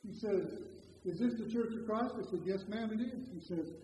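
High-voiced man preaching in an echoey hall. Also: a little hiss or hum. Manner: emphatic, swings from loud slow stresses to quiet storytelling. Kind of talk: sermon. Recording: echoey hall, dull lo-fi sound.

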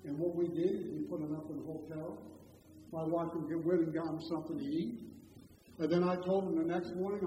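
A high-voiced man delivers a sermon, with loud, drawn-out emphasis that falls to hushed storytelling. The sound is dull and lo-fi, carrying a long echo from a large hall. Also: steady tone, slight background noise. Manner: emphatic, swings from loud slow stresses to quiet storytelling. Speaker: preacher.

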